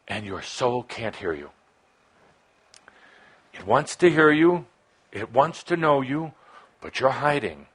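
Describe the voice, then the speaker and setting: Husky guy doing a channeled spiritual talk to a crowd, slow broken phrases, gets real emphatic. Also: medium pitch. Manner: emphatic, swings from soft musing to passionate urging; speaks in short broken phrases with long pauses. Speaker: spiritual teacher addressing a live audience.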